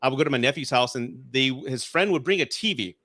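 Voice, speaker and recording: A man's voice: mid-range voice, expressive, quick pace, pushed and bright, dry recording. A man in his forties, a guest on a casual podcast chat, telling nostalgic stories with many restarts. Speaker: guest reviewer.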